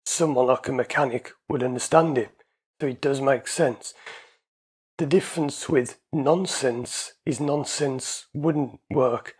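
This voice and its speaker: A man's voice: medium pitch, a little slow, breathy edge. A man, an anxiety coach and hypnotherapist, explaining his ideas in a casual, conversational way and repeating his points.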